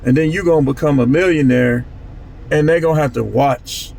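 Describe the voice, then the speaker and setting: A man's voice: a little high, normal speed, creaky, darkish tone, a little hiss or hum, poor audio. A man talking casually to his channel in a loose, repetitive street-talk way. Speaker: channel host. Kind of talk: casual monologue vlog.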